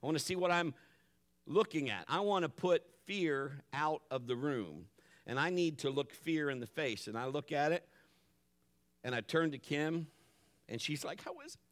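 A middle-aged male pastor preaches with a lively voice that climbs and falls across a wide pitch range. He acts out his family's voices and drops to a hushed tone for calm moments. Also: moderate pace. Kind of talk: sermon.

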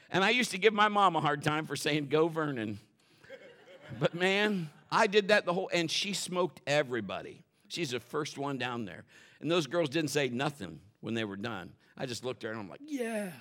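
A middle-aged male pastor preaching a sermon, telling family stories in an animated way and acting out the voices of the people in them. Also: fairly high pitch, normal speed. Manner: animated storytelling, acts out quotes and shouts for effect.

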